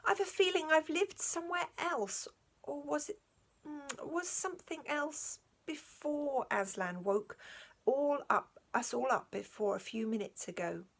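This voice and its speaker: Woman doing a slow, muddled talking horse. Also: high-pitched, gravelly, voice pushed up, exaggerated voice. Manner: slow, thoughtful, hesitant.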